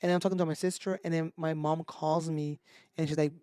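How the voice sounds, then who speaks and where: A man, a podcast co-host telling a story in animated casual chat and mixing Spanish into his English. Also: on the high side, quick pace, clean tone, no room sound, clean studio sound. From Mexico.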